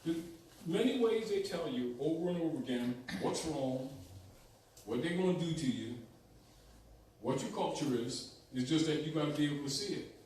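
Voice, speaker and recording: A man's voice: a little high, animated, normal speed, a little mellow. Emphatic male lecturer in an echoey room. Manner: emphatic, repeats points, asks "right?". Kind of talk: teaching lecture. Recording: echoey room from far off, faint noise.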